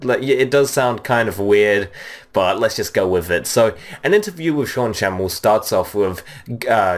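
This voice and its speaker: A man giving casual spoken commentary as a video reviewer, rambling and leaning heavily on fillers. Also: fairly low pitch. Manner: rambling, heavy on "you know" and "um" fillers.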